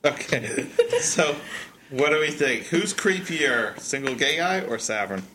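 A man co-hosting a podcast who teases and cracks quick jokes. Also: fairly high pitch, lively intonation, pushed and bright, a little hiss or hum. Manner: teasing, quick wisecracks. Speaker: podcast co-host. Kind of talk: joking banter.

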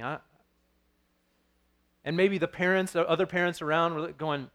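A man's voice: a little high, normal speed, pauses often, a bit bright, smooth. A man in his thirties preaching a sermon as pastor, earnest and storytelling, with frequent restarts.

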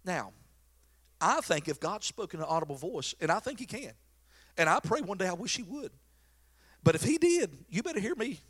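A man's voice: sits high, big pitch swings, moderate pace, pauses often, fairly bright tone, husky. A middle-aged man, a pastor preaching a sermon in a folksy, joking, storytelling way.

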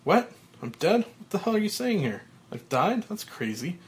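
A man's voice: a little high, lively intonation, normal speed, pitched above the performer's own voice, natural voice. A man doing a frantic, panicked executive. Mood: disbelieving. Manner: frantic, shouting and pleading. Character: panicked middle-aged male TV executive.

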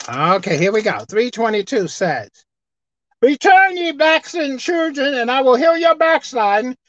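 A woman preacher delivering a sermon, swinging between loud emphatic outbursts and quiet asides. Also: high voice, very animated, normal speed, dry recording. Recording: dull lo-fi dry sound.

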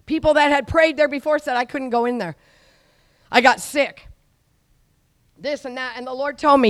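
A middle-aged woman preaches with a high, ringing voice, urging her listeners to repeat her words. She swings from quiet asides to fervent shouting. The sound is close and dry. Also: expressive, normal speed, pauses often, no room sound. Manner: exhorting, call-and-response with the audience, rising to shouts. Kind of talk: charismatic sermon.

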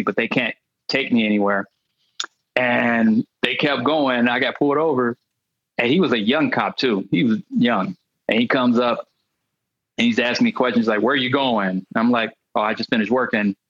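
A male comedian guest telling comic stories in an animated way, acting out the voices of the people in them. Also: medium pitch, normal speed, no echo, highs cut off. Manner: animated, acts out quoted voices. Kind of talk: comic storytelling.

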